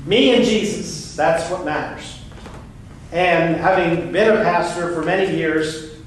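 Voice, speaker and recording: Emphatic pastor, higher voice, preaching from a distance in a big, reverberant hall. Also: male voice. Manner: earnest and emphatic, with frequent restarts. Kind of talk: sermon. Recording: very echoey room, voice far from the mic, faint noise.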